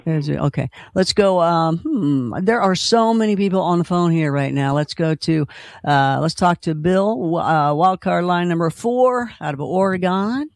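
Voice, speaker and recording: A man's voice: high voice, normal speed, vocal fry, no room sound, studio quality. A man hosting a late-night radio call-in show, upbeat and chatty as he takes calls and wraps up segments. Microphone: studio microphone.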